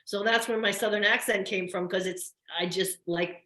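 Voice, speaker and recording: Woman, older, New York–New Jersey accent, fast chatty storyteller, roomy echo. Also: mid-range voice, fairly even intonation, sharp tone. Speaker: guest, soap opera actress. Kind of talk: casual interview chat.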